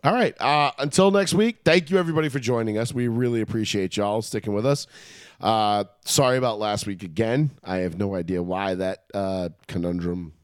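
A man co-hosting a casual sports podcast, talking in an animated, profane, heated, ribbing way. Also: fairly low pitch, normal speed, smooth, dry recording, studio quality. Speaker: podcast co-host.

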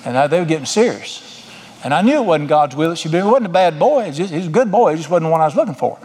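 A man's voice: fairly high pitch, very animated, fast talker, a little mellow, slightly rough. A middle-aged man preaching a sermon as pastor, folksy, with emphatic bursts. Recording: long hall reverb.

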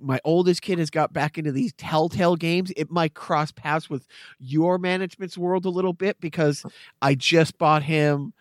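A man's voice: fairly high pitch, steady tone, normal speed, no echo, clean studio sound. A middle-aged man co-hosting a podcast, talking casually and explaining things at length with small stammers. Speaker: podcast co-host. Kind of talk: casual chat.

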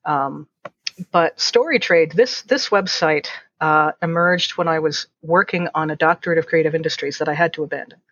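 A woman chatting as an interview guest, wry and animated, often restarting her phrases. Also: low voice, normal speed, dull audio. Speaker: guest, fencing instructor and writer. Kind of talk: casual interview chat.

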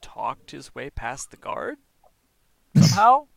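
Gravelly guy running a tabletop game, bright and lively, chatty, dry mic. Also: medium pitch, unhurried, no room sound. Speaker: game master.

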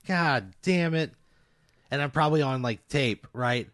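Exasperated man grumbling low. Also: lively intonation, a little slow, a bit bright, no echo, clean studio sound. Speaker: podcast co-host. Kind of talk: casual chat.

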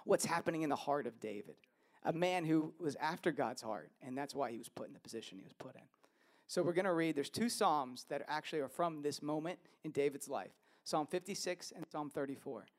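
A man in his thirties preaching a sermon, telling stories in an animated way that moves from hushed to loud. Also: fairly high pitch, brisk. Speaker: pastor.

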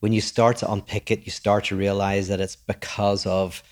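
A man's voice: lowish voice, little pitch movement, moderate pace. A man co-hosting a podcast, talking reflectively and explaining ideas in long, winding sentences. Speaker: podcast co-host. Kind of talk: casual chat.

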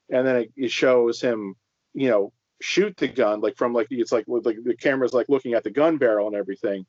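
A man's voice: medium pitch, a little mellow, no echo. Man, podcast co-host, casual film talk, rambling with fillers, dry dull-sounding audio. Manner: rambling, many fillers and restarts.

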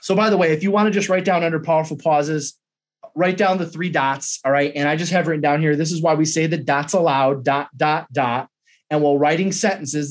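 A man with a high voice leads a sales training lesson. He coaches with emphasis, often repeats himself and models script lines aloud to show how they should sound.

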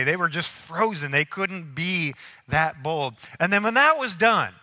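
A male pastor delivers a sermon, acting out the people in his stories with animated energy. His voice is strikingly bright and a touch high. It carries the long reverb of a large church hall. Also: a little slow.

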